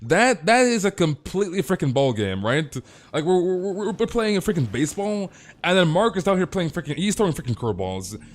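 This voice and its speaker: A man's voice: high-pitched, very animated, a little fast. A young man streaming a game who chats casually with viewers, rambling, stammering over repeated words and saying "dude" constantly.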